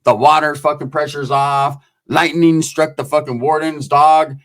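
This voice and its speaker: A man's voice: a little high, little pitch movement, unhurried, fairly bright tone. A man telling prison stories in casual, profane street talk, acting out the voices of the people in them. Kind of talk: casual storytelling.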